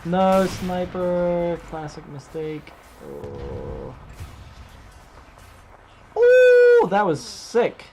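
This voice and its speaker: Male streamer, casual play-by-play, excitable outbursts, music playing underneath. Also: on the high side. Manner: excitable, quick yelps and exclamations. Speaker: gaming streamer. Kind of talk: casual gameplay commentary.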